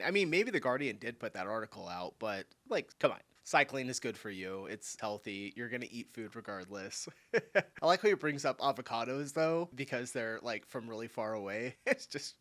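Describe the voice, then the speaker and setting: A man's voice: medium pitch, a bit bright, no echo. A man with an American accent, hosting a reaction video, chatting casually and laughing often. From United States.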